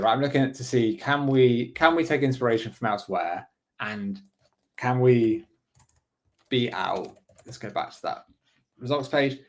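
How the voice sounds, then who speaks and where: A man coaching online sellers in a casual screen-share walkthrough, thinking aloud and tossing in quick "right?" asides. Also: mid-range voice.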